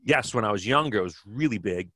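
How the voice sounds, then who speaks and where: A man's voice: fairly low pitch, lively intonation, a little fast, bright, forceful tone, slightly rough, no echo. A man in his fifties from Kenosha, Wisconsin, telling stories as an interview guest in a rambling way with many restarts. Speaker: guest, former track cyclist. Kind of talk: relaxed storytelling interview.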